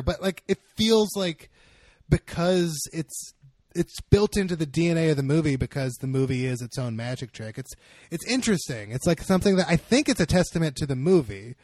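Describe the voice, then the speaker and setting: A young man talking films with friends in a loose, rambling way, full of fillers and restarts. His voice sits a little high, and the sound is dry and close. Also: expressive, fairly quick, darkish tone, no room sound. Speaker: podcast co-host. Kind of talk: casual film discussion.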